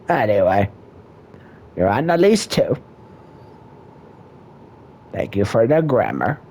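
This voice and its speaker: Deep-voiced crude mock counselor. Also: male voice, sing-song, slow pace, pauses often, warm tone. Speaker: mock marriage counselor, streamer. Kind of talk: crude improvised comedy.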